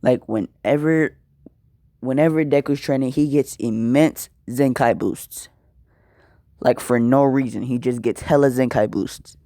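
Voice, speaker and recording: Young man narrating an improvised fan story, casual and rambling, slow mellow delivery. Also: mid-range voice, dry recording, clean studio sound. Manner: slangy, rambling, repeats words.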